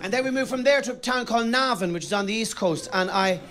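A man's voice: sits high, fast talker, crowd noise. A man with an Irish accent performing a stand-up set in a comedy club, telling wry, self-mocking stories and swearing casually. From Ireland. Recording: live club recording with laughing audience.

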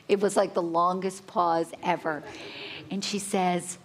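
A woman chef telling a lively story at a live cooking demonstration, acting out her own panicked reactions. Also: lowish voice, unhurried, a little hiss or hum. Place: conference hall with a live audience.

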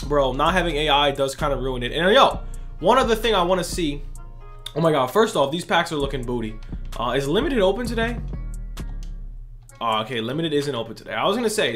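A young man, a gaming YouTuber, giving excitable, slangy pack-opening commentary full of shouts of disbelief. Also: sits high.

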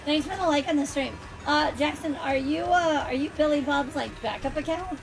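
A woman's voice: sits high, normal speed, gravelly. A woman streaming a racing game, chatting with friends and viewers in a bubbly, chatty way and laughing often. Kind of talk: live-stream chat while racing. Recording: music playing behind.

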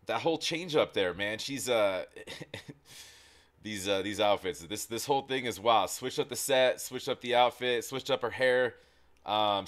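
A man with a somewhat low voice hosts a reaction video. He comments casually and excitably, rambling and restarting his sentences as he goes.

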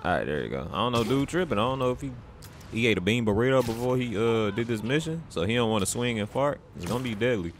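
Excitable man trash-talking through gameplay. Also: medium pitch, fast, a little hiss or hum. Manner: loud, excitable, trash-talking the game characters. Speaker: gameplay commentator. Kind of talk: casual let's-play commentary.

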